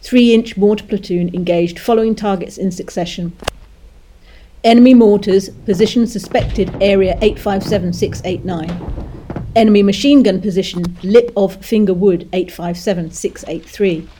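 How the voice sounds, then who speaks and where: A woman's voice: medium pitch, normal speed, slight background noise. A woman co-hosting a history podcast, chatting playfully and reading wartime diary entries aloud. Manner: lively, jokey banter; reads war diary entries. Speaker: podcast co-host.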